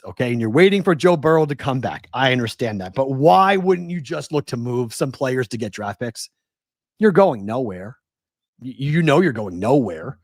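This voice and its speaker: Here the host, a man in his forties from the West Coast, speaks in a mid-range voice on a dry, clean studio recording. He hosts a sports betting talk show and rants, firing off exasperated rhetorical questions.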